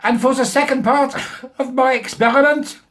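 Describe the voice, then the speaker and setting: A man voicing a pompous little male German professor who lectures on spiders, using a put-on German accent and a grandiose, booming delivery. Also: fairly even intonation, normal speed, fairly bright tone.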